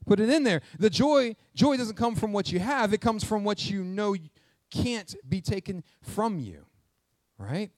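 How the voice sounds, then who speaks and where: Male pastor, energetic call-and-response sermon; high-pitched, dry close recording. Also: no echo. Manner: energetic call-and-response preaching, asks the congregation questions; jokes aside in a quiet, quick low voice. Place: church sanctuary with congregation.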